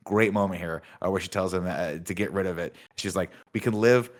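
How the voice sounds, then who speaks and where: A man in his thirties casually recapping a movie's plot as a podcast host, in a deadpan manner. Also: deep voice, brisk. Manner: deadpan, reads out film dialogue in recaps.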